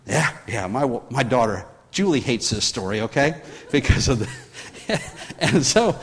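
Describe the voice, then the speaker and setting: A man's voice: medium pitch, big pitch swings, unhurried, breathy edge, big-room sound. A man preaching a sermon, telling a story with many restarts and rising in force when he drives home his point. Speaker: pastor.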